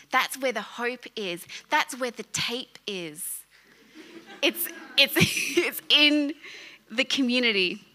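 A woman in her thirties delivers a sermon through animated personal storytelling, often breaking into laughter. Her voice is very bright and sits a little high. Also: slow pace. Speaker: preacher.

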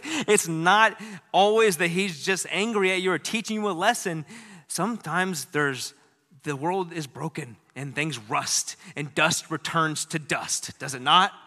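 A middle-aged man preaching a sermon, moving between loud, urgent exhortation and soft, hushed, almost whispered lines. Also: a little high. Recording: long hall reverb.

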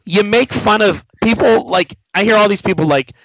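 A podcast host with a high-sitting, slightly bright male voice rambles loosely about pop culture at a normal speed, swearing freely. The recording is dull, lo-fi and dry, with no room sound.

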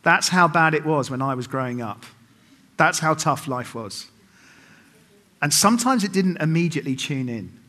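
A man's voice: fairly high pitch, lively intonation, normal speed, sharp tone. A middle-aged man preaching a sermon at a church service, telling stories with humor and making self-mocking asides to the congregation. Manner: humorous storytelling with acted quotes.

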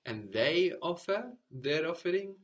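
A man's voice: a little high, lively intonation, a little slow. A man teaching a language lesson, patiently prompting his student and repeating each answer.

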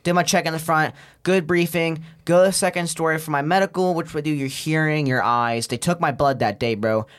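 Young guy, slightly high voice, lively storyteller who swears and mimics the people in his story. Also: a little fast. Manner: animated storyteller, acts out other voices, heavy swearing. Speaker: podcast guest. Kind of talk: casual chat.

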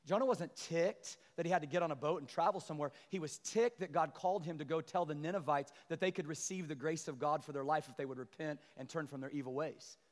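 High-voiced animated preacher man. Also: quick pace, few pauses. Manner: animated, climbs to loud emphatic peaks, calls out to the congregation. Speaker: pastor. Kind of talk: sermon. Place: large church sanctuary. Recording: long church hall reverb.

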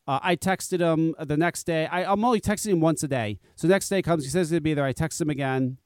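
A man's voice: fairly high pitch, brisk, few pauses, clear, resonant tone, no echo. A man hosting a casual chat and telling a long story, swearing often and acting out both sides of the dialogue. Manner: animated, profane, acts out dialogue.

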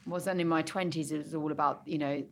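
A woman's voice: sits low, steady tone, fast, a little hiss or hum. A woman, chatting and musing as a podcast guest. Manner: chatty, musing, laughs easily. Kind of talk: casual chat.

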